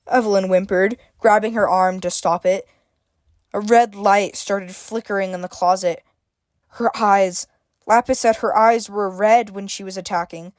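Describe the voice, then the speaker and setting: A woman narrating a homemade story in an even, mid-pitched voice. The sound is dry and close, with no room around it. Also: a little slow, dry recording. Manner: reads dialogue with shifting emphasis, stammers for a frightened character.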